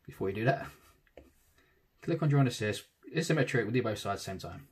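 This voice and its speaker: A man, casually talking through a digital tattoo drawing in real time, thinking aloud and trailing off softly. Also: on the low side, expressive, fast talker, slightly rough.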